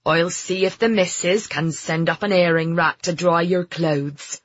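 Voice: medium pitch, steady tone, measured pace, a bit bright, dry recording, highs cut off. A narrator voicing a jovial Somerset pub landlord. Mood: hearty. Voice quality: broad rural drawl, teasing. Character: older male country pub landlord, jovial. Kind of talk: audiobook character voice.

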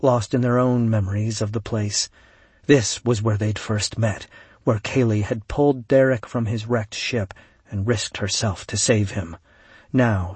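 A man reading an audiobook in a measured, solemn way, recorded close on a studio mic. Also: on the low side, darkish tone, breathy edge, no echo. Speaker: audiobook narrator. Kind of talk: scripted narration.

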